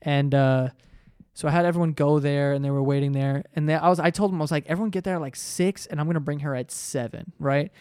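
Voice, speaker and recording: A young man hosts his podcast, spinning a long, profane story in a loose, chatty way. His voice sits a bit high and comes through smooth and clear. The recording is dry and close, with no room around it. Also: quick pace, no room sound. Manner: animated, profane, jumps into quoted voices. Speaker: podcast host. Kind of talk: casual storytelling monologue.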